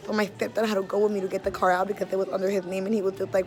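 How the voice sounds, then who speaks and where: A young woman tells her own story with blunt, profane candor. Her voice sits at a middle pitch and swings between loud outbursts and hushed asides. Faint music plays behind her. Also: little pitch movement, racing, hardly any pauses. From Los Angeles area. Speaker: street artist. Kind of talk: candid personal storytelling.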